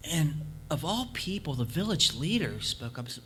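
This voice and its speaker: Bright, emphatic male preacher. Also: high voice, very animated, moderate pace, slight background noise. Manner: emphatic, repeating points for force. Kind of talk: sermon with storytelling.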